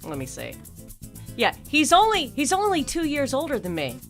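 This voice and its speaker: American woman, 40s, podcast co-host; high, sharp voice, animated storyteller who laughs often. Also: moderate pace, soft background music. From United States. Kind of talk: casual chat.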